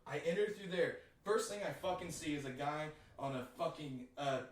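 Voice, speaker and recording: A man's voice: on the high side, normal speed. A young man, a guest from a band, telling a long story in a rambling, profane way, laughing often and filling gaps with "like". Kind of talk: casual storytelling. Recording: echoey room, distant mic.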